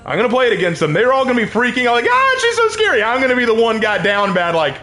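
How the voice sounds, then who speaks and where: A man's voice: high-pitched, rapid-fire, a bit bright. A man streaming a video game, chatting casually to his viewers, rambling and laughing often as he plays. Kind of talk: casual gameplay commentary.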